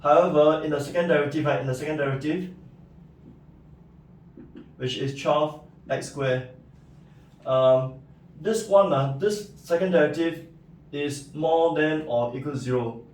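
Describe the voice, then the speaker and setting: A man's voice: on the high side, moderate pace, long pauses, a little mellow, a little hiss or hum. A man giving a recorded math lecture, explaining step by step and checking in with "right?" and "okay". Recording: echoey room, mic at a distance.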